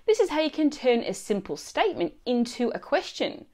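A woman narrating a scripted language lesson in a clear, expressive teaching manner. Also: a little high, fairly quick. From Australia.

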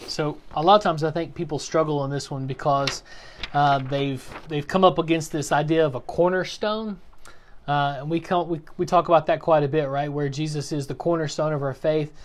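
A man teaching a Bible class in a relaxed, explanatory way, with plenty of fillers and restarts. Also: a little high, normal speed. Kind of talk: casual teaching talk. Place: church classroom.

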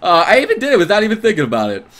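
Brief: male game streamer, bright, high, animated, crude excited reactions. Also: rapid-fire. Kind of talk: reading and reacting to a visual novel.

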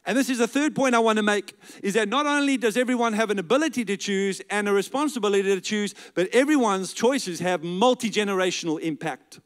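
A male pastor preaching a sermon to a congregation. He builds emphatic, rhythmic lists and drops softly on key words. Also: fairly quick, hardly any pauses, smooth. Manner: drops to a soft, low voice to stress key words. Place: church service with a live congregation.

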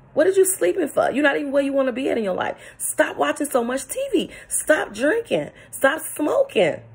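A woman's voice: high-pitched, gravelly. A woman giving an emphatic, preachy motivational morning talk, laughing often as she speaks. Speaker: vlogger. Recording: phone-recorded vlog.

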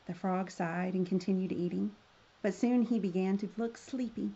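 A woman reading a children's fairy tale aloud in a gentle, expressive way. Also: medium pitch, normal speed, husky, dull audio. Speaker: storyteller.

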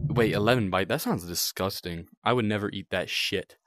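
This young man's voice sits fairly low, animated yet unhurried, and there's background noise along with music behind him. In his casual horror-game commentary he cracks jokes, chats with the characters, and yelps at the scares.

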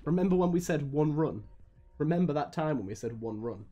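A man's voice: on the high side, brisk, muffled recording. Swearing man streaming a game. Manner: swears often, swings between groaning and excited yelps. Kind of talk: live gameplay commentary.

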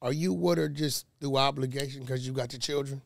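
A man's voice: mid-range voice, steady tone, brisk, creaky. A man on a talk show asking blunt, pressing questions in casual chat.

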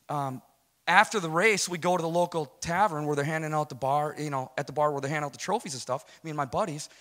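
A man's voice: a little high, fairly bright tone. A man in his forties giving a rambling, self-deprecating personal testimony to a congregation. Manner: rambling, self-deprecating storytelling with many restarts. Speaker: guest speaker giving testimony.

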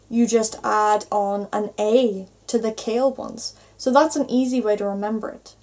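A young woman with an Irish accent explains grammar at an unhurried, careful pace, in a fairly high voice. She spells things out letter by letter like a patient teacher. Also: darkish tone. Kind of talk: online grammar lesson.

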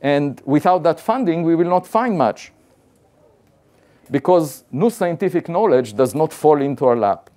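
A man's voice: fairly high pitch, lively intonation, a little slow, mellow. A man, an astrophysicist, giving a conversational public science talk and building his arguments point by point in a plain-spoken, insistent way.

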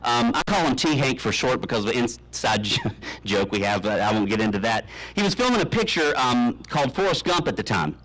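A man in his thirties giving a humorous commencement speech, telling deadpan tall tales with many ums and uhs. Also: medium pitch, brisk, poor audio. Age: 30s. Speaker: commencement speaker. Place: graduation ceremony, speaking to an audience.

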